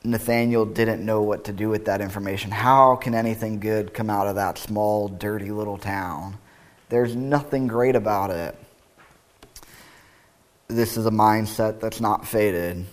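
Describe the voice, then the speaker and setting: Low-voiced male pastor preaching. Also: fairly even intonation, a little slow. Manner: conversational, reflective, with wry asides. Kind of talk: sermon with scripture reading.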